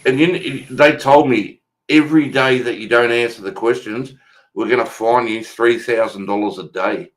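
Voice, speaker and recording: A man's voice: mid-range voice, fairly even intonation, moderate pace. Blunt, foul-mouthed Australian man. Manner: blunt, swears freely, retells calls in a mocking voice. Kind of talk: casual profane storytelling.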